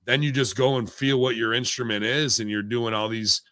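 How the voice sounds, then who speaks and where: A man's voice: medium pitch, steady tone, brisk, a bit bright, no echo, studio quality. A man in casual chat, ranting animatedly and swearing often. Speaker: wrestling podcast guest.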